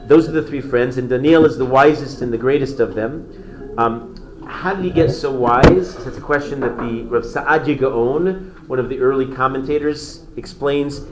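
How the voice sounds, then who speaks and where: A man leading a story-driven class, chatting with his listeners and tossing questions at them. His voice sits at a middling pitch. It is heard in an echoey room with a faint hiss underneath. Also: moderate pace. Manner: conversational, quizzes listeners. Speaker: Torah teacher.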